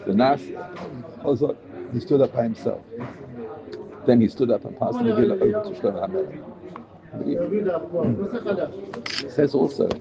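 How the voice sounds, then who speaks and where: Gravelly man teaching a Torah class. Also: mid-range voice, animated, brisk, pauses often, muffled recording, over a noisy crowd. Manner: translates Hebrew verses line by line, emphatic. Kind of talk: Torah class explaining prayer text.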